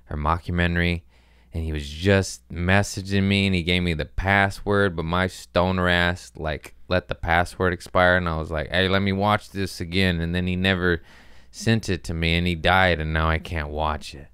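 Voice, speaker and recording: A man's voice: deep voice, steady tone, normal speed, a bit bright, clear, resonant tone, dry recording, studio quality. A man hosting a podcast, talking loosely and profanely in a jokey comedic rant.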